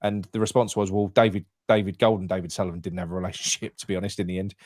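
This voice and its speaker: A man's voice: deep voice, steady tone, racing, darkish tone, dry recording, studio quality. A man with a London accent hosting a football fan phone-in, chatty and loose, swearing freely and restarting his sentences. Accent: London English. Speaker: phone-in host. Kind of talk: casual fan phone-in chat.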